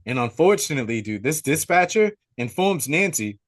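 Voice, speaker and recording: A young man hosting a podcast, retelling a movie plot in casual, excitable, slangy chat. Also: on the high side, moderate pace. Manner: excitable storyteller, slangy, says dude a lot. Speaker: podcast host.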